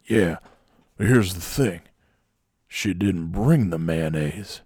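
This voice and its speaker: A man voicing a fixated male coworker who complains in a slow, plodding drawl. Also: deep voice, lively intonation, darkish tone, slightly rough, no room sound, clean studio sound, full character voice. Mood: aggrieved. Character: fixated man coworker griping about mayonnaise.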